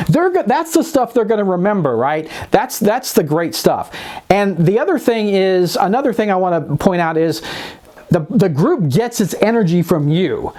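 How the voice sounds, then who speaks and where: A man's voice: sits high, sing-song, normal speed, darkish tone. A man co-hosting a casual chat about running tabletop games, eager and conversational, with many fillers. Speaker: co-host giving game master tips.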